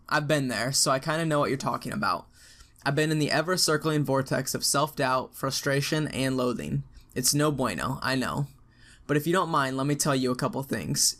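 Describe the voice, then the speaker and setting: A man's voice: medium pitch, fairly bright tone. Young man reading out frank advice. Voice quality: frank and profane, with slangy asides. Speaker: narrator reading out an online post. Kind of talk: reading aloud an advice post, casual and emphatic.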